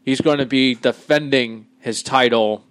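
A man co-hosting a wrestling podcast, wry and brisk as he runs through the news. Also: mid-range voice, steady tone, smooth, no room sound. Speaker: podcast co-host reading news segment. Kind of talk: casual wrestling chat and news rundown.

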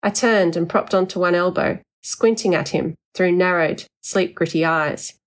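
Low-voiced woman narrating a story. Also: unhurried, few pauses. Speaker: audiobook narrator. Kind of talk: first-person audiobook narration.

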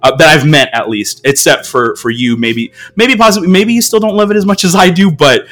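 A man's voice: on the high side, brisk, fairly bright tone. Chatty American man hosting a podcast. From United States. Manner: rambling, filler-heavy, self-deprecating. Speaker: podcast host. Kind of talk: casual podcast chat.

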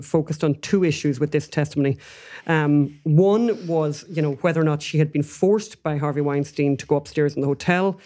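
A man's voice: on the high side, warm tone. A man hosting a news podcast, introducing trial audio in a casual way with fillers. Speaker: podcast host. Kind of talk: news commentary.

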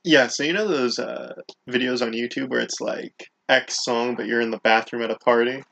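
Young man with a gravelly podcast voice. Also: mid-range voice, fairly even intonation, moderate pace, sharp tone, lo-fi sound. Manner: jokey, rambling, self-deprecating asides. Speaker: podcast co-host. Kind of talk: casual comedic podcast chat.

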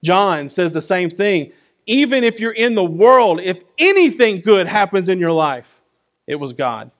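A man preaching a sermon in a conversational way, often asking "right?" and moving between loud and soft. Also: high-pitched, very animated, unhurried. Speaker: pastor.

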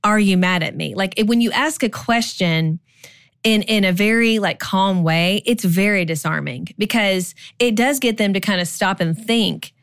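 On a podcast she co-hosts, a woman in her forties chats casually about marriage advice, sprinkling in plenty of "like" and "you know". She speaks unhurriedly at a medium pitch, and the studio recording is clean with no room sound.

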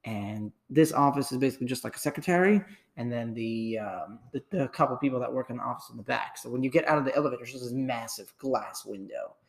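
A man's voice: mid-range voice, fast. A young man casually telling a story, rambling with lots of "like" and restarts. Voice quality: gravelly.

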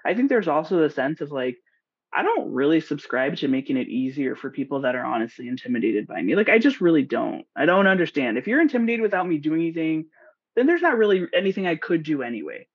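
A woman's voice: sits low, big pitch swings, fast, slightly rough, muffled recording. A woman guest on a podcast, a nurse practitioner and investor, speaking in a direct, outspoken way and laughing often. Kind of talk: casual podcast conversation.

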